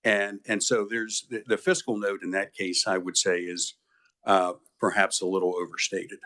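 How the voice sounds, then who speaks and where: A man's voice: low voice, little pitch movement, normal speed, sharp tone. A man testifying before a committee, arguing his point with some hesitations. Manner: argumentative, explaining with hesitations. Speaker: witness testifying.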